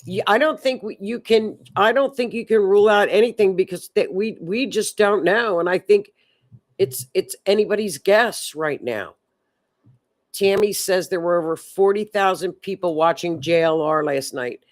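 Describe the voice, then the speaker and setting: A woman's voice: medium pitch, normal speed. A woman hosting a live stream, chatting in a rambling way and reading viewer comments aloud. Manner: chatty, rambling, repeats words. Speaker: livestream host.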